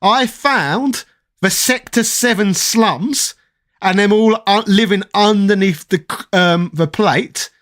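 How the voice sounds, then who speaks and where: Chatty London man, high voice. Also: fairly bright tone. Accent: London English. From London, England. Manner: rambling, chatty, reads chat aloud and riffs with quick jokes. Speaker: streamer chatting with live chat. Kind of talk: casual live-stream chat.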